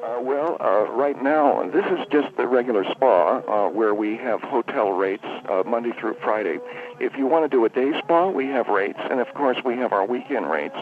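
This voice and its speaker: A man talks down a narrow, tinny phone line at an ordinary pitch. He rambles as a spa owner on a comedic radio call, stumbling over his words and backtracking constantly. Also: normal speed. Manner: rambling, stammering, self-correcting. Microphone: telephone.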